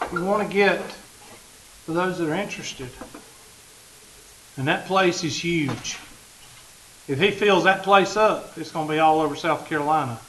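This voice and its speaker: A man's voice: a little high, fairly bright tone, a little hiss or hum, poor audio. A man, a math teacher talking casually and joking with his class in a classroom. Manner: joking, folksy, talks straight to the class.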